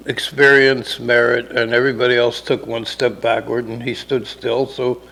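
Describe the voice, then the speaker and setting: Gravelly man telling a rambling story. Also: medium pitch, flat delivery, normal speed, bright, forceful tone, poor audio. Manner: rambling, acts out characters in dialogue. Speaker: podcast co-host telling a story. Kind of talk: casual storytelling chat.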